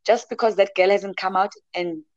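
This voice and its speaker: A woman's voice: medium pitch, fairly even intonation, moderate pace, no echo, dull audio. A woman talking passionately and emphatically in a casual discussion, speaking as an advocate for emotional health. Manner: passionate and emphatic, mixes in local words.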